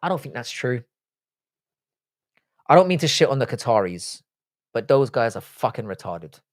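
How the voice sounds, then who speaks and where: He's a livestream host with a mid-range voice, very animated but moderately paced, reading chat messages aloud and responding in a casual, offhand, profane style. The studio recording is clean with no room sound.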